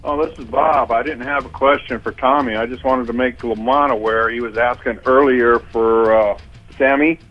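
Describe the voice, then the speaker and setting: A man's voice: mid-range voice, steady tone, normal speed, soft background music. Casting: male radio caller, matter-of-fact, muffled lo-fi phone line. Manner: brief, matter-of-fact tip. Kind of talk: call-in radio chat.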